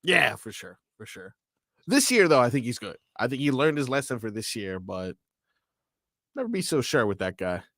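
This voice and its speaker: Gravelly, teasing male co-host. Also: mid-range voice, very animated, moderate pace, fairly bright tone, no echo, clean studio sound. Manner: laughing, teasing. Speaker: sports radio co-host. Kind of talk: casual sports radio banter.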